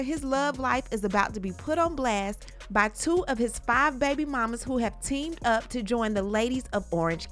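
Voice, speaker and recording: A woman hosting a gossip channel, reading scripted narration in a smooth, even newsreader delivery. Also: on the high side.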